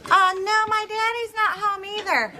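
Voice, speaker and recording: A woman's voice: very high-pitched, steady tone, normal speed, a crowd in the background, background noise, pitched above the performer's own voice. A woman putting on a small child's voice, a bad impression. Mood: innocent. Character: small child answering the phone.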